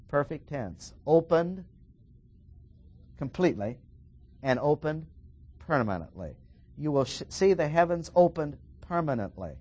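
Emphatic preacher man, very animated. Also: mid-range voice. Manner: emphatic, slows and stresses key words. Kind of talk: verse-by-verse sermon.

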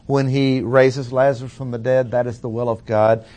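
Male preacher, mid-pitched, deliberate expository delivery with emphatic slow stresses. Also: level tone, a little mellow. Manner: deliberate, emphatic, slows on key phrases. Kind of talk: expository sermon.

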